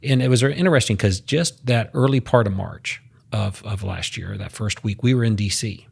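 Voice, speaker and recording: Podcast guest: low, gravelly, husky male voice, emphatic, data-driven, talks in restarts. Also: moderate pace. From United States. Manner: emphatic, statistic-heavy, repeats words when starting. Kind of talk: casual podcast interview.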